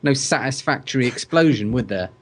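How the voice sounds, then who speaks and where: A man's voice: medium pitch, expressive, a little fast, a crowd in the background. A man on a casual podcast panel, trading dry, sarcastic banter.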